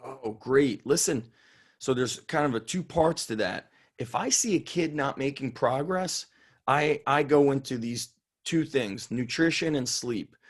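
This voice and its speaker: A man's voice: medium pitch, unhurried. Guest: blunt, profane, fired-up middle-aged man, coach, mid-range voice. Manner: blunt, fired up, swears freely. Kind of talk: casual interview.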